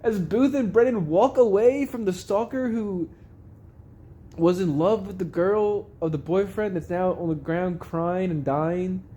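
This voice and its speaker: A man's voice: high-pitched, warm tone, slight background noise. A young man casually rambling through a recap of a TV episode, swearing often and laughing at the funny parts. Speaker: vlogger recapping a show.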